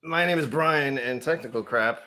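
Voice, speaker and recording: A man's voice: medium pitch, normal speed, bright, forceful tone. A man hosting a livestreamed whiskey tasting from home, chatting in a playful, self-mocking way and laughing easily. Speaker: host.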